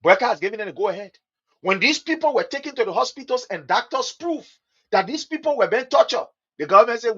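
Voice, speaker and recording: A Liberian man with a Liberian English accent, giving impassioned political commentary that swings between loud outbursts and low mutters, in the manner of a preacher. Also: lively intonation, quick pace, husky, lo-fi sound.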